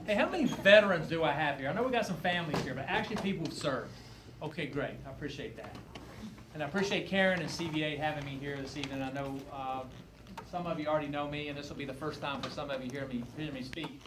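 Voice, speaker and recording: A man's voice: a little high, fast, noisy background. A man speaking as a guest speaker at a veterans event, telling a story and then speaking earnestly. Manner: earnest, folksy. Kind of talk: public speech with storytelling. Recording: echoey room with faint ambience.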